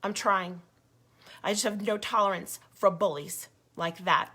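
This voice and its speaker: A woman's voice: medium pitch, normal speed, sharp tone, slightly rough. A woman giving a passionate, indignant update to her group's followers, emphatic and given to repeating herself. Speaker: grassroots group leader. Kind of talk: impassioned video update.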